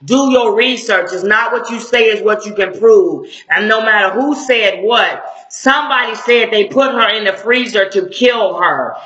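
A woman's voice: medium pitch, moderate pace, few pauses, a bit bright. A middle-aged woman, a civil rights activist, giving blunt, confrontational commentary in slangy street talk. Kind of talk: impassioned video commentary. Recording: echoey room, dull lo-fi sound.

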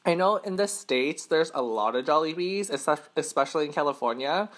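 A man's voice: on the high side, lively intonation, moderate pace, a bit bright. A man from Western Canada, hosting a casual mukbang eating show from a hotel room and rambling, correcting himself and laughing between bites. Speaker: mukbang host. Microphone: camera mic.

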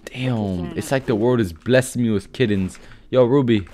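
A man role-plays as a bragging, wealthy penguin in voice chat for his gaming video, mocking and trash-talking with brash, loud outbursts. He speaks at a medium pitch and moderate pace.

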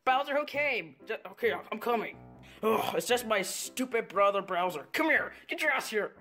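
A woman's voice: fairly high pitch, animated, moderate pace, fairly bright tone, faint music behind. A woman voicing a grumpy, short-tempered male turtle king in a puppet comedy skit, grumbling and stammering in exasperation. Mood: annoyed.

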